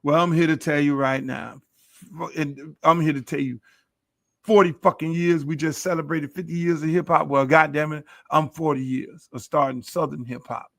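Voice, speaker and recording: A man's voice: on the high side, steady tone, moderate pace, vocal fry, fairly bright tone, no echo. A middle-aged man hosting his own podcast, delivering a boastful, preachy monologue full of swearing. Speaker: podcast host. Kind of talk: profane monologue.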